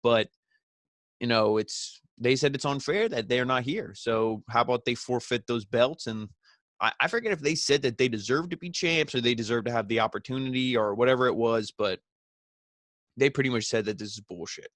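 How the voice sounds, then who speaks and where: A man's voice: mid-range voice, normal speed, a bit bright, no room sound. A man hosting a wrestling review, recapping the show in a casual, rambling way full of "you know" and "he's like".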